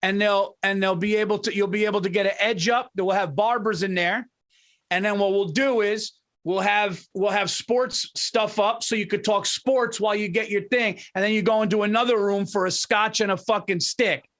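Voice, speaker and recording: A man with a New York accent co-hosting a casual podcast chat, excitable and rambling, often repeating himself as he builds an idea. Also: high-pitched, moderate pace. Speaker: podcast co-host.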